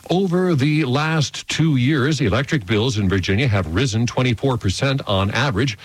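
Guy reading the evening radio news, kinda husky voice, dry close mic. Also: mid-range voice, moderate pace, no echo, poor audio. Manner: steady, formal news delivery. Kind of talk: newscast reading.

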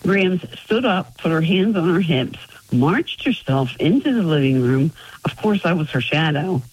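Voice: mid-range voice, animated, measured pace, breathy edge, no room sound, rough recording. A caller from Florida telling a family story on a radio call-in show, chuckling often. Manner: storytelling, warm with frequent chuckles.

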